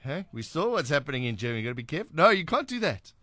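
A man's voice: fairly high pitch, very animated, rapid-fire, pushed and bright, dry recording. A man with a South African accent hosting a late-night radio talk show, chatting wryly and sarcastically with many restarts. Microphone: studio microphone.

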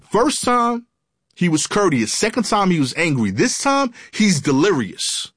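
Animated male comic storyteller. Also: high voice, unhurried, a little hiss or hum. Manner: animated, dramatic retelling with quoted dialogue.

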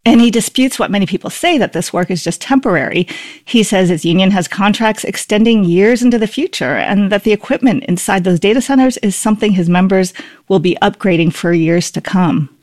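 A woman's voice: mid-range voice, animated, brisk, a little mellow, dry recording. A woman reporter explaining a story in a conversational studio interview. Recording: dry studio sound.

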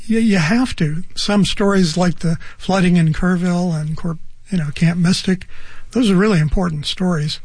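An older man, a radio reporter, recalling his reporting in a halting, reflective way with many fillers. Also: high voice, darkish tone, husky, dry recording. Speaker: arts and culture reporter. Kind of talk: casual studio interview.

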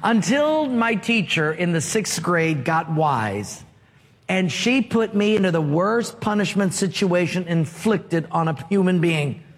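A male pastor preaches in a high voice, taking his time over each phrase. He throws rhetorical questions at the congregation and waits for them to answer back. His voice rings out with a long reverb from a large hall. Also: animated, a little slow. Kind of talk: sermon.

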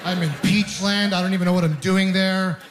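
A man's voice: sits high, level tone, a little fast, background noise. A man from Ontario performing a stand-up comedy routine, telling self-deprecating stories with punchy timing. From Ontario, Canada.

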